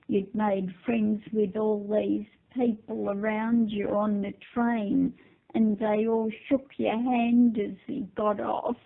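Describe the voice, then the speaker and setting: An older woman, giving a halting birthday message with many pauses and ums. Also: mid-range voice. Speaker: family member sending birthday wishes. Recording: tinny phone-like recording.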